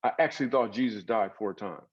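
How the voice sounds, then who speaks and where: A man, a comedian guest in an interview, telling stories in a lively comic way with acted asides. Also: on the low side, fairly quick, slightly rough, muffled recording. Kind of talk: storytelling interview talk.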